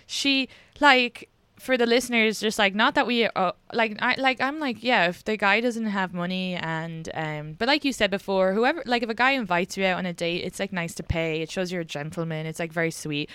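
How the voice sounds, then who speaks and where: A woman from Ireland, hosting a podcast and chatting candidly, swearing freely and talking in quick bursts. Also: mid-range voice, fairly bright tone, smooth, no room sound. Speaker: podcast host. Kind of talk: casual podcast chat.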